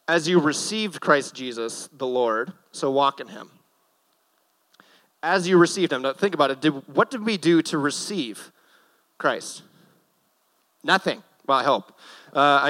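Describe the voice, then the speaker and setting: A man's voice: mid-range voice, sharp tone, rough recording. A young man giving a casual, joking sermon from a church stage, with nervous self-deprecating asides. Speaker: guest preacher.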